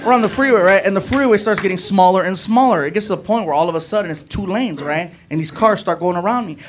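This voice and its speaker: A male stand-up comedian telling an animated story on stage, recorded live with audience noise in a comedy club. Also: high voice, quick pace. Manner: animated, building to shouts.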